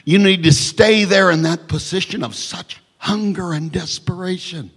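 A husky-voiced male pastor preaching a sermon, his voice sitting a little high for a man. He swings between shouted lines and hushed, near-whispered ones, with wry joking asides. The room trails off in a long hall reverb. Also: moderate pace, hardly any pauses.

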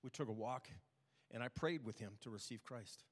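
An older man preaching a sermon, telling personal stories in a plain, halting way. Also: medium pitch. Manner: plain, halting testimony with restarts. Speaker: pastor. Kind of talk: storytelling sermon. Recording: long reverb of a hall.

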